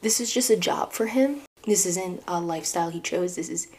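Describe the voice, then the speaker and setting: A woman's voice: fairly low pitch, a little fast, a little mellow. A young woman with a New York accent hosting a casual podcast, chatting about a book and its film with asides to her listeners. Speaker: podcast host.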